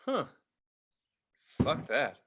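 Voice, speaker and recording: A man co-hosting a podcast in casual chat, ranting in an animated, profane way. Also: extremely slow, dull audio. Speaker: podcast co-host.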